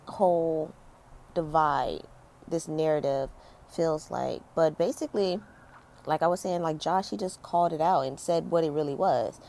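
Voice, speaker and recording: A woman in her thirties, a commentary vlogger, rants casually about her opinions in a low, warm voice with vocal fry. She's chatty and emphatic, packing her complaints with fillers in a conversational way.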